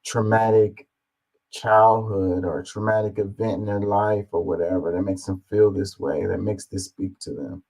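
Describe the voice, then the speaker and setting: A man with a fairly low voice reacts to a clip in casual commentary. He muses aloud, trailing off and circling back with many fillers. He reads comments out in the same relaxed tone. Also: normal speed, low-quality recording. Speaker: reaction video host.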